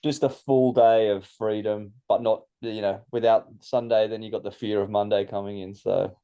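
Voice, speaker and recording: A man's voice: fairly low pitch, fairly even intonation, normal speed, clear, resonant tone, dull audio. A man with an Australian accent from Australia, giving brief, easygoing answers in a casual chat on a webinar. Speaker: webinar attendee. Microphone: video call.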